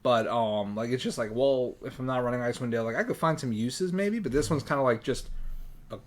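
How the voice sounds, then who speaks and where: A man's voice: mid-range voice, a little fast. A man co-hosting a game shop's live show, chatting casually about miniatures, rambling with lots of "like" and jokes. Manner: rambling, lots of filler "like", jokey. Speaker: co-host of a game shop show. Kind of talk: casual product chat. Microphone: livestream.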